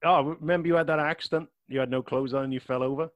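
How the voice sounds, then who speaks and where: A man in relaxed improv comedy banter on a podcast, agreeing along and adding jokes. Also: a little high, fast talker, dry recording, muffled recording. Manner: laid-back, agreeable, lots of yeahs.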